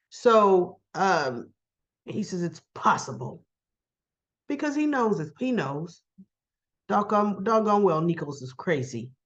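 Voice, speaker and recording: A woman's voice: mid-range voice, muffled recording. Chatty woman recapping a soap episode. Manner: chatty retelling that acts out characters' lines. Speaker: soap opera recap host.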